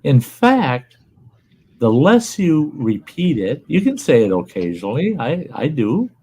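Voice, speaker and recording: A man's voice: a little high, wildly swooping pitch, a little slow, mellow, a little hiss or hum, rough recording. An older man, hosting a casual chat and talking bluntly and plainly, swearing freely. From Upper Midwest US. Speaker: livestream host.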